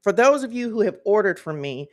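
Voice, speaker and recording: A woman's voice: mid-range voice, sing-song, fairly quick. A woman, hosting a casual faith livestream from her phone and talking straight to her viewers in a chatty, emphatic way. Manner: chatty, emphatic, repeats phrases and addresses viewers as y'all. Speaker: host. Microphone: phone camera.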